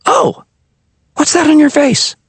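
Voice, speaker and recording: A man's voice: very high voice, big pitch swings, takes it slowly, creaky, dry recording, voice pushed up, exaggerated voice. A man doing a squealing, eager orphan boy. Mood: excited. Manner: loud, squealing delight. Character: excitable young orphan boy, wide-eyed and eager.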